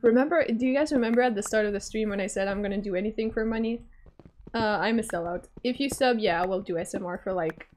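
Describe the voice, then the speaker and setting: Her medium-pitched, slightly mellow voice comes quickly as she streams from home, reading her chat aloud and bantering in a teasing, laugh-filled way. The desk microphone picks up a little hiss or hum around this young adult woman.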